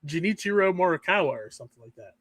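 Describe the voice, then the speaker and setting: High-voiced man, fired-up rant. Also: no echo. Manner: animated ranting, quick to apologize. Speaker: podcast co-host. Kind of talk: casual chat.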